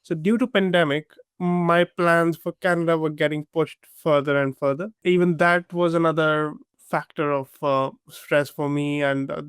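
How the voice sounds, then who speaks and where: Young man from India, halting and measured. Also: a little high, flat delivery, a bit bright, clear, resonant tone, no echo, studio quality. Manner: measured, halting, with many fillers. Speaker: guest. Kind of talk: casual storytelling conversation.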